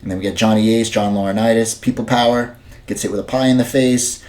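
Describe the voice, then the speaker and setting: A man's voice: lowish voice, steady tone, quick pace, darkish tone. A man casually recapping and reviewing a show as a podcast host, rambling with many fillers and restarts. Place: dim room at home.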